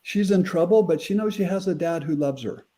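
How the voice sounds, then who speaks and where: A man's voice: sits high, brisk, dark tone. A middle-aged man, a guest on an interview show, earnestly retelling a personal story with quoted dialogue.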